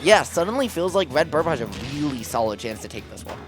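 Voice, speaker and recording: A man's voice: a little high, big pitch swings, fast talker. A man doing live play-by-play commentary on a fighting-game match, calling out moves and damage percentages. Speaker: esports commentator. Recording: music playing behind.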